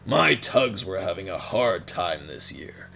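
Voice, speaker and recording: A man putting on the voice of a gruff, serious, weary male tugboat fleet captain, grave and measured. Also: sits low, big pitch swings, pushed and bright, slight background noise, pitched below the performer's own voice, heavily acted.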